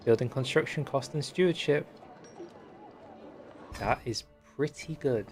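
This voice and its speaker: A man's voice: mid-range voice, measured pace, pauses often, faint music behind. Joking man commentating a strategy game. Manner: joking, reads game text aloud in mock voices. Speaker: game streamer. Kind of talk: casual gameplay commentary.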